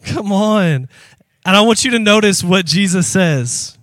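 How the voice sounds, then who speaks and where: In a church sanctuary before his congregation, a pastor delivers a sermon in a high, bright, ringing voice at an unhurried pace. He's emphatic, pressing each point through animated call-and-response and breaking into shouts. The sound is close and dry, with no echo and little room around it.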